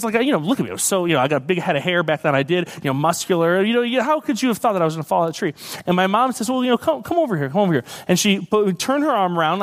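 Male youth speaker, high voice, chatty storytelling sermon, quick and loose. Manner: energetic, joking, fast and conversational with many fillers. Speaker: guest speaker, former youth pastor. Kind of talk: youth sermon with personal stories.

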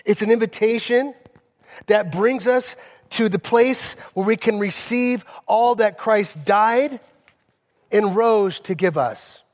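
A male pastor delivering a sermon, telling personal stories with emphasis and slowing down on key phrases. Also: high voice. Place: church sanctuary. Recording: long reverb of a church hall.

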